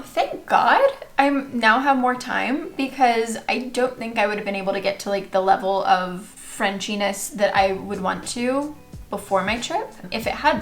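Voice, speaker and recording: A young woman chatting casually in a vlog, self-deprecating and now and then trying out phrases in a second language. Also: mid-range voice. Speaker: vlogger.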